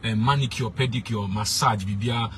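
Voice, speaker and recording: A man's voice: fairly low pitch, fairly even intonation, moderate pace, a bit bright, slight background noise. A young man, a street preacher giving blunt, emphatic advice and slipping into pidgin. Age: young adult.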